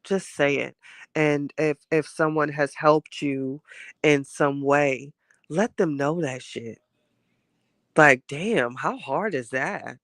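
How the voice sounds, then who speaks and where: Man, host, casual rambling chat, gravelly yet smooth voice, dry close sound, has a cold. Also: on the high side, takes it slowly, fairly bright tone, no room sound. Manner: candid, rambling, heartfelt commentary.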